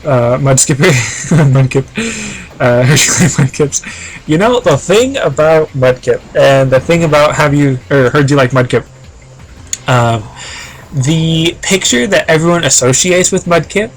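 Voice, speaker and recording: A man's voice: fairly high pitch, lively intonation, a little slow. A man chatting casually on a live game stream, reading chat aloud and rambling with lots of fillers.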